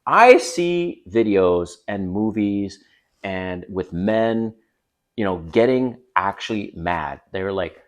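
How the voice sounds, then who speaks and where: A man giving blunt, emphatic dating advice straight to camera, swearing casually as he coaches. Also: sits low. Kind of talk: direct-to-camera coaching talk. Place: home by a busy street.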